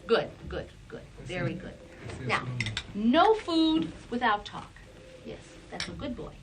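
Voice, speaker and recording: A woman psychologist instructing parents and coaching a child, encouraging, with short repeated praise and filler pauses. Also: on the high side, sing-song, a crowd in the background. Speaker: psychologist running therapy sessions.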